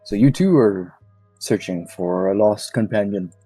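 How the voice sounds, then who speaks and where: Man playing a low, mellow, aloof tower keeper with a measured, ominous delivery for a fantasy game. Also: breathy edge, faint music behind. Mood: wry.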